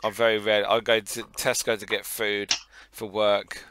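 Laid-back Northampton bloke, low voice. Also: male voice, moderate pace, background noise. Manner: relaxed, laughs often, swears casually. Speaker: podcast co-host. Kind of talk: casual chat.

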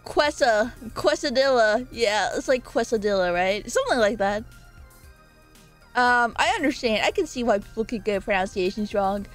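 A woman's voice: on the high side, animated, moderate pace, fairly bright tone, faint music behind. A young woman chatting casually on a live stream from her own room, playful and giggly, rambling between greetings.

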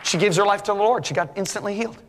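Animated preacher man in a reverberant hall. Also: rapid-fire, some chatter behind, slight background noise. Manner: animated storytelling, voice rising high at punchlines. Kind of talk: sermon.

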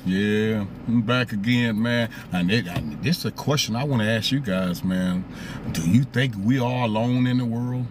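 A man's voice: fairly low pitch, moderate pace, background noise. A man hosting a live stream, talking casually, greeting viewers by name and asking them rhetorical questions.

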